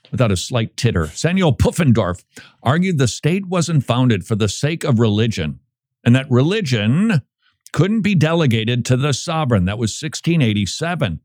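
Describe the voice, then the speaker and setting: A man's voice: mid-range voice, no room sound, studio quality. A man hosting a radio talk show, chatting in a playful, joking way about church history. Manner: playful, jokey, animated. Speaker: radio host.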